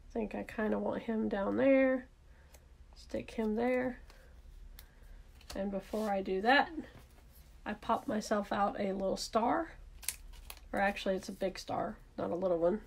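Chatty Southern woman with a gravelly edge. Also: mid-range voice, measured pace, pauses often. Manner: chatty, thinks aloud while working, self-correcting. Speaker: card-making instructor. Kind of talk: casual craft demonstration.

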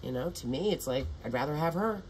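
A woman's voice: low voice, expressive, fairly quick, a little mellow, slight background noise, poor audio. An older woman vlogging in a meandering, profane monologue full of restarts. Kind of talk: rambling casual monologue.

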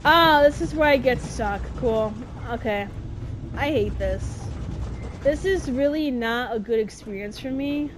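An exasperated woman talks her way through a video game, cursing and using slang. She speaks slowly in a slightly high voice. A faint background noise runs under her. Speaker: gaming streamer. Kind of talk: casual gameplay commentary.

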